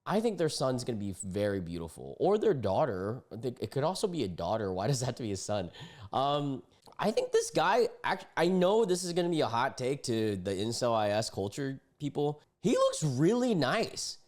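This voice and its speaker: Animated young man reacting to posts. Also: mid-range voice, normal speed. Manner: animated, indignant, slangy. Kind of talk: casual reaction commentary.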